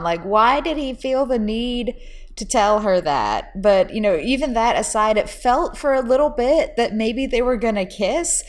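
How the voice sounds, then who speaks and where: A woman's voice: fairly high pitch, moderate pace. Chatty laughing woman podcaster. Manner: animated, laughs often, quotes lines in voices. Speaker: podcast co-host. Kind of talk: casual chat.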